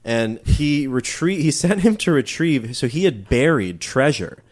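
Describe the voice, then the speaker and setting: A man co-hosting a comedy history podcast, telling the tale in loose, casual chat. His pitch swings widely as he goes, and he laughs often and drops into goofy voices mid-story. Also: expressive, a little slow, a little mellow. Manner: jokey storyteller who laughs often and slips into silly voices. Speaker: podcast co-host.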